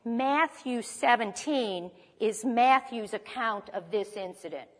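A woman delivers a sermon in a fairly high voice, reading scripture slowly and dramatically before unpacking it for her listeners. Her words ring out with a long reverb, as if recorded in a church hall. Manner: dramatic reading with emphatic pauses. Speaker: preacher.

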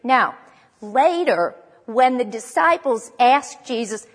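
Woman preacher, slightly high voice, casual sermon delivery with restarts, long hall reverb. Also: moderate pace. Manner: conversational, with restarts and self-corrections.

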